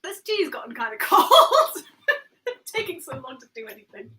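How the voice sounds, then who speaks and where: A woman's voice: extremely high pitch, big pitch swings, normal speed, sharp tone, rough recording. A woman chatting casually while baking in her home kitchen, giggling, exclaiming and swearing at the cake, picked up by a built-in device mic rather than a proper microphone. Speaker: streamer. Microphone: built-in device mic, not the headset mic.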